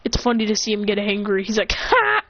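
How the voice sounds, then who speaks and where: A woman's voice: medium pitch, little pitch movement, quick pace, muffled recording. A woman casually narrating an improvised fan-fiction story, rambling and correcting herself as she goes. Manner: rambling, self-correcting, giggly.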